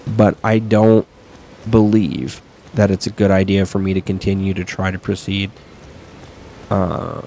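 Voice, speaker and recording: Gravelly-voiced gamer talking to himself. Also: male voice, deep voice, little pitch movement, measured pace, long pauses, warm tone, a little hiss or hum. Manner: chatty, swearing, talks to enemies. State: sniffly. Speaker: gaming streamer. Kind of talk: casual game commentary. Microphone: desk mic.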